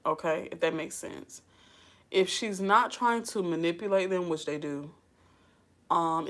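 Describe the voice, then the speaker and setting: A woman's voice: fairly low pitch, fairly bright tone. Woman, vlogger, casual chat, sassy, chatty, laughs often. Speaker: advice vlogger.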